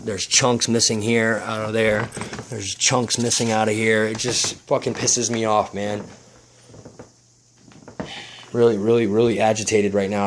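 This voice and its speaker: A man's voice: lowish voice, smooth. A man vlogging about his RC plane, agitated, swearing, and often restarting his sentences indoors at home. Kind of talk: casual vlog.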